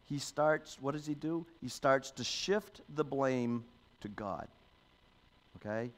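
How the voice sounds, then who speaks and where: The sermon comes from a pastor whose voice is medium in pitch and slow in pace. His style is conversational, peppered with "you know" and "okay?", and he stresses the scripture passages as he reads them out.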